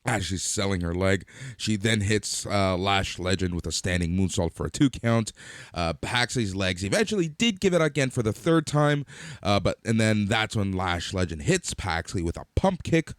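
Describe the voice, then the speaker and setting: A man's voice: on the low side, lively intonation, normal speed, dry recording, clean studio sound. A man co-hosting a podcast, recapping wrestling matches in detail and chatting casually. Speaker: podcast co-host.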